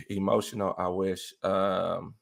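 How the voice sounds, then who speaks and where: A man's voice: deep voice, slow pace, creaky. A man talking casually as a guest, laughing often and singing bits of songs. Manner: animated, laughs often, sings snippets of songs. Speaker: interview guest, R&B enthusiast. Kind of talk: casual chat.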